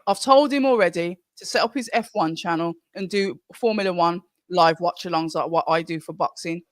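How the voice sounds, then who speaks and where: A woman's voice: fairly low pitch, fairly quick, dry recording, clean studio sound. A middle-aged woman hosting a live stream, chatting casually and reading viewer comments aloud from home. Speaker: livestream host.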